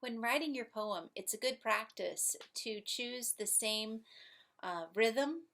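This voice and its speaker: Slow, patient woman teacher. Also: fairly high pitch, background noise. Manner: patient, explains step by step, stresses syllables aloud. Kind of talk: classroom lesson video.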